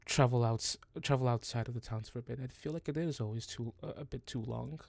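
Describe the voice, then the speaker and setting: A man voicing a gentle young niece. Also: mid-range voice, a little fast, gravelly, no room sound. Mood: puzzled.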